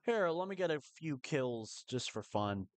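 Excitable male streamer narrating his own play live; a fairly high voice, recorded close and dry. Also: no room sound. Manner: excitable, rapid repeated protests. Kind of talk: live gameplay commentary.

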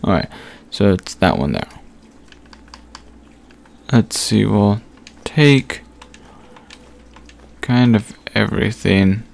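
A man giving casual gameplay commentary, thinking aloud as he sorts through items with frequent pauses and fillers. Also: lowish voice, expressive, vocal fry, darkish tone. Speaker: gaming channel host.

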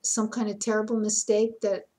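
A woman's voice: mid-range voice, level tone, moderate pace, mellow, poor audio. A woman vlogging a personal story in a casual, aggrieved way, often repeating words.

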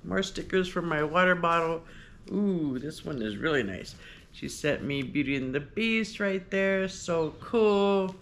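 A woman hosting a casual unboxing vlog, talking in a gushing, excitable way. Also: fairly low pitch, measured pace, a little hiss or hum. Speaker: vlogger host. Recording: paper crinkling and clicks behind.

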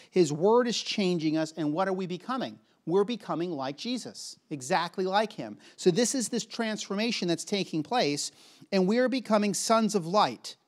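A preacher speaking to a church congregation in a loose, talkative sermon. The voice sits at a middle pitch, and the speaker hammers points home by repeating words. Now and then they slip into quoted voices to act out a reaction. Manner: casual and chatty, acting out quoted voices, repeats words for emphasis. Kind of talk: conversational sermon.

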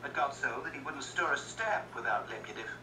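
A man's voice: medium pitch, animated, a little fast, noisy background, voice pushed up, lightly acted. A man voicing an obsequious, gossipy official who talks in an eager, ingratiating, sometimes stammering way. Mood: boastful. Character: fawning obsequious male official, gossipy know-it-all. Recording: roomy echo, distant mic, music behind.

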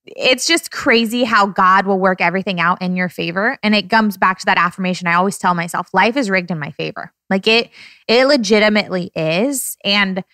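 Woman, 30s, podcast host, teary and effusive, mid-pitched, dry studio sound. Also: brisk, pushed and bright, no echo. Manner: heartfelt, tearful, effusive. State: close to tears. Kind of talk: emotional casual podcast talk.

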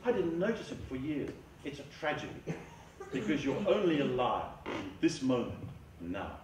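A man speaking as a mindfulness therapist, giving a measured, earnest lecture and often repeating his words. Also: mid-range voice, expressive, darkish tone, a little hiss or hum. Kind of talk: reflective public lecture. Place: large school hall. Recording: echoey hall, far from the mic, faint ambience.

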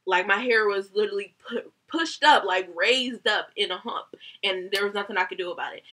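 A young woman, a hairstylist, telling a heated story about a bad salon visit, animated and swearing often. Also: mid-range voice, a little fast. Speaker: hairstylist vlogger. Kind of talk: casual storytime rant.

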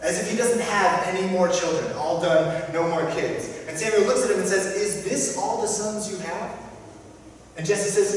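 A man preaching a sermon as pastor, emphatic, with repeated phrases and dramatic pauses. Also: high-pitched, a little hiss or hum. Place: church sanctuary. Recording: echoey church hall from far off.

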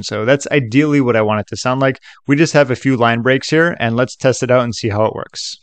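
A man's voice: medium pitch, a little fast, hardly any pauses, no room sound. Chatty man in a dry close recording. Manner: loose and chatty, many fillers like "like" and "okay". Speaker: tutorial host. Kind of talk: casual screen-recorded tutorial.

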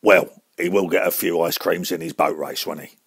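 A man voicing a gruff, menacing tough-guy actor with a Cockney London accent, talking low and slow. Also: fairly even intonation, no room sound, clean studio sound.

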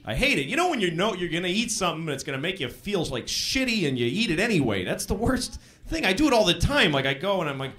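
A man in his thirties performing live stand-up comedy on a club stage, deadpan and self-mocking, with a lot of swearing. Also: high-pitched, fast talker, few pauses. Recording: live club recording with crowd laughter.

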